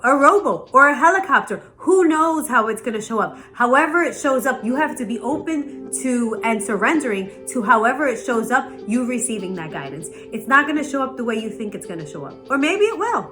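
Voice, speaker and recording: A woman hosting a motivational spiritual talk, telling stories in an animated way and often asking "right?". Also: high-pitched, a little fast, soft background music. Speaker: host.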